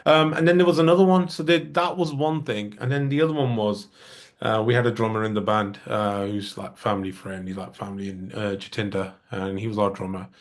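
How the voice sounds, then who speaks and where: Man, lowish voice, casual interview storyteller, acts out quoted dialogue. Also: fairly even intonation, fairly quick. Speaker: musician and producer guest.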